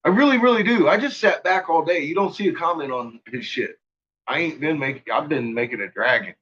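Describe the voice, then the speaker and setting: A man hosting a livestream in a casual, profane rant, laughing often and swinging from low mutters to loud shouting. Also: fairly quick, highs cut off, a little hiss or hum. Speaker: livestream host.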